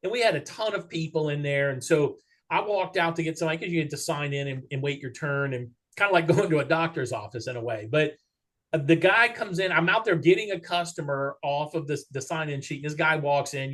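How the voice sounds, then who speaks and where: A man's voice: on the high side, fairly quick. A man telling workplace stories in a casual interview, acting out the dialogue as he goes. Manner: animated storyteller who acts out quoted dialogue. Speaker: guest, regional vice president of an auto parts chain.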